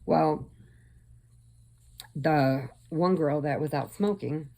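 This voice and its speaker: A woman with a somewhat low voice tells a long story in a casual, rambling way, circling back and restarting her sentences. She speaks slowly and unhurriedly, like a crafting-channel host chatting with her regular viewers. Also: vocal fry, dark tone. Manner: rambling, conversational retelling with restarts.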